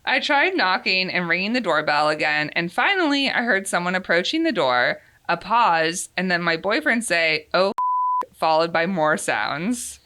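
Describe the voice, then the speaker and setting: A woman's voice: fairly low pitch, sing-song, moderate pace, sharp tone. A woman co-hosting a show, reading anonymous confession stories aloud and laughing between lines.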